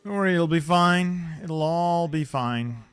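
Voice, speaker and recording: A man hosting a strategy-game video, talking casually, clearing his throat often, and muttering and repeating himself in a self-deprecating way. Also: fairly high pitch, a little slow, dry recording. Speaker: gaming video host.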